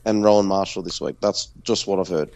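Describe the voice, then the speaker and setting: Brief: Australian male podcast co-host, lively sweary storyteller, dry close recording. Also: sits low, brisk, creaky, dry recording, muffled recording. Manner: animated, profane, storytelling. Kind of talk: casual sweary banter.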